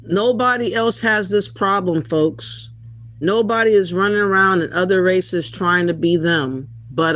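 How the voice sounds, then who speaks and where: A man's voice: sits high, fairly bright tone. Indignant ranting male streamer. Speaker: commentary host. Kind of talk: livestream commentary.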